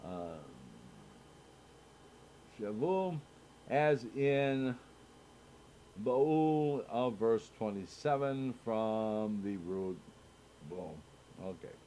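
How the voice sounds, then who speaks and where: A man teaching a Torah study, slowly reading verses and commentary aloud with frequent pauses and fillers. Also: medium pitch, animated, mellow, a little hiss or hum. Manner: slow, halting reading with many filler sounds. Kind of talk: reading and explaining scripture. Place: synagogue.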